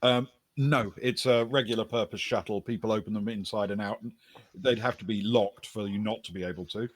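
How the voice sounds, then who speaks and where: Running a tabletop RPG session, a lowish-voiced male game master describes the scene in a laid-back way, using fillers and chuckling now and then. His pace is brisk and the recording is dry.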